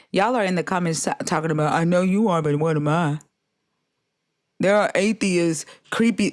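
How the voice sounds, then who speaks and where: A woman hosting a casual live stream, with a slightly low voice. She is blunt and profane, and she scolds her commenters directly. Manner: blunt and profane, lecturing the chat.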